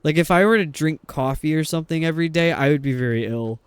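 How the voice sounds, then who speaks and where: Chatty New York man, bright and clear. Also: a little high, fast, no room sound. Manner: rambling, chatty. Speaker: streamer. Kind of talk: casual chat while gaming.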